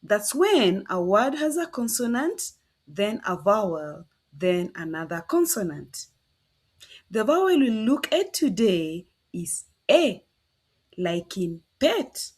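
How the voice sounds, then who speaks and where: A woman teaching phonics to young children, cheerful and coaxing, sounding out each letter slowly. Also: medium pitch, sing-song, breathy edge. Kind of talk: slow, sing-song teaching to preschoolers.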